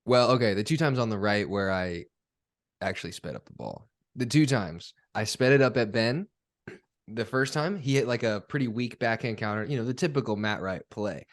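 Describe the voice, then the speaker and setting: Young guy hosting a podcast, kinda low voice, dead dry sound, rambles and downplays himself. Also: moderate pace, no echo. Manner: relaxed, rambling, self-deprecating. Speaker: podcast host and pro player. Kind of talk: casual podcast chat.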